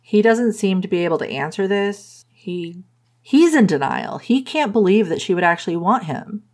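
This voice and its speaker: A book reviewer casually recaps a romance novel's plot, laughing often and playfully quoting the characters. Her mid-range voice is animated and darkish in tone, moving at normal speed.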